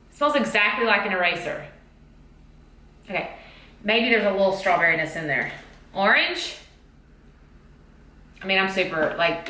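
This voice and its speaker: A woman's voice: on the high side, sharp tone. A woman teacher chatting in a bubbly, exclamatory way about a haul of school supplies. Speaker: teacher vlogger. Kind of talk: casual haul vlog. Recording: echoey room.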